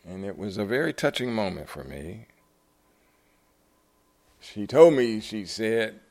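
Speaking at a live book event, an elderly male author narrates a tale in a sing-song, slow way with long pauses, voicing each conversation himself. Now and then he shoots up high in surprise, then sinks quietly again.

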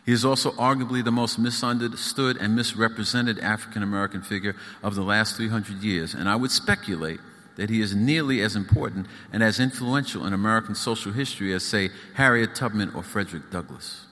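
A man's voice: lowish voice, brisk, sharp tone. A man reading his own book aloud at a live event, with rhythmic, emphatic storytelling. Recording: echoey hall.

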